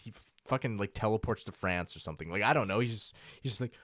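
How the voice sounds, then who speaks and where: A man's voice: on the low side, quick pace, fairly bright tone, no echo, studio quality. A young man co-hosting a casual podcast, chiming in with laid-back remarks and swearing. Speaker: podcast co-host.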